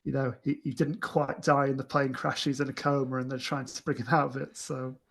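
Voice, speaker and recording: A man co-hosting a casual film discussion podcast, speaking enthusiastically but haltingly, with many restarts and fillers. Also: mid-range voice, level tone, creaky, fairly bright tone. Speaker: podcast co-host.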